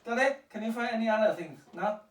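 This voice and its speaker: Speaking fast and animated in a fairly high voice, a woman patiently teaches a child to code at home, asking questions and often checking that she's understood. The room is echoey and she's far from the mic.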